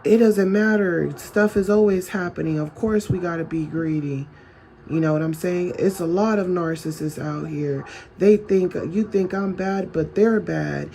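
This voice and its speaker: A man speaks in a casual advice monologue, the kind a vlogger records for his viewers. His voice sits a little high for a man, with a mellow, dark tone and plenty of gravelly fry. He keeps it chatty and keeps asking the listener rhetorical questions. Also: measured pace. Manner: conversational, full of rhetorical questions.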